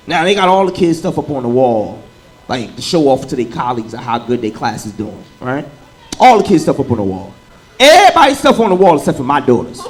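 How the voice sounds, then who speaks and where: Stand-up comic, man, thirties; animated storyteller on a stage mic, noisy live room. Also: sits high. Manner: animated storytelling, shouting into bits. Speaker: stand-up comedian. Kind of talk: stand-up comedy set. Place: comedy club stage with live audience. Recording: live room with loud crowd laughter.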